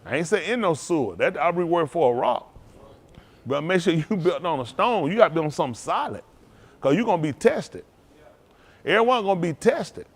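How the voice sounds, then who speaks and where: Pastor, male, higher-pitched, preaches with a call-and-response drive, from loud to hushed. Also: fairly quick. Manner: rousing call-and-response preaching, Southern Black church cadence; animated, swings between loud and hushed. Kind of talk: sermon.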